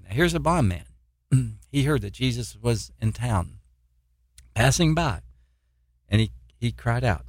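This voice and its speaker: A man's voice: mid-range voice, animated, measured pace, no echo, clean studio sound. A man preaching an informal sermon in a plain, earnest way, often restarting his sentences. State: eye pain, poor sleep.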